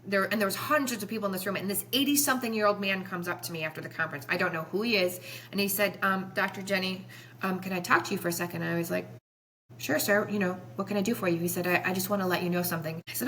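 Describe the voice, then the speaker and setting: A woman's voice: mid-range voice, fast talker, sharp tone, a little hiss or hum. A woman in her forties, a chiropractor guest on a podcast, telling stories in an earnest, passionate, rambling way. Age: 40s. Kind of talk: emotional podcast storytelling.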